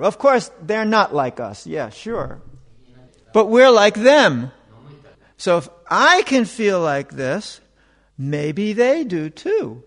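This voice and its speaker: Man, high voice, informal spiritual talk in a reverberant hall; conversational, mimics the people he quotes. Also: fairly bright tone. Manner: conversational, acts out quoted voices, rising in exasperation. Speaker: spiritual teacher.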